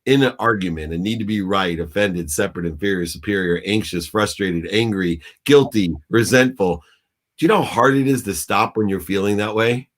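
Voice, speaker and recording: A man's voice: fairly low pitch, normal speed. A man on a video call telling a personal story in an intense, preachy way, as a business coach guest. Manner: intense, preachy, acts out shouting in quotes. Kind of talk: animated storytelling in a talk interview.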